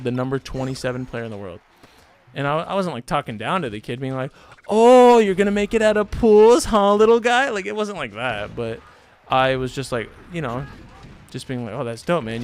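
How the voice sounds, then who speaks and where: A man's voice: mid-range voice, slight background noise. Casual rambling young man streamer. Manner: loose and rambling, heavy on fillers. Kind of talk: casual storytelling chat.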